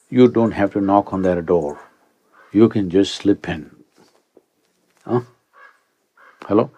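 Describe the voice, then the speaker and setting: A man in his sixties, a spiritual teacher, giving an animated speech to a young audience and often prompting listeners with rhetorical asides. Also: mid-range voice. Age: 60s.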